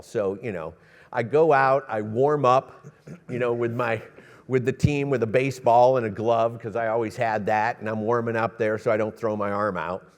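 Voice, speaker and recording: A middle-aged man, a cinematographer, telling stories on an expo stage with lively quoted voices and laughter. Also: mid-range voice. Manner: animated storyteller, acts out quotes, laughs often. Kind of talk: storytelling on a panel. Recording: reverberant expo hall.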